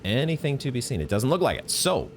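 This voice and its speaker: A man with a medium, sing-song voice talks quickly while live-streaming a game he's playing blind, joking and thinking out loud over the game music. There's a slight amount of background noise.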